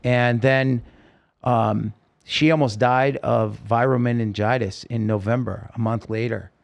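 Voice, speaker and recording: A man's voice: mid-range voice, steady tone, unhurried, vocal fry. A man, a singer-songwriter, telling his own story in a podcast interview, earnest and rambling with many restarts.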